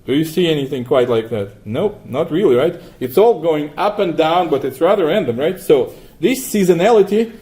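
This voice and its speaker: Guy teaching a class, kinda high mellow voice, keeps going "right?". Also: expressive, normal speed, hardly any pauses. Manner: asks the class frequent questions, tags 'right?'. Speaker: lecturer. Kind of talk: classroom lecture with software demo.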